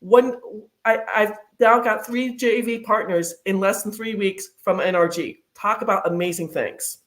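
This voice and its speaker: A woman guest in a casual interview talks chattily, telling long stories. She speaks at a middling pitch, scattering fillers and restarts as she goes. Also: unhurried. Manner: chatty storyteller, many fillers.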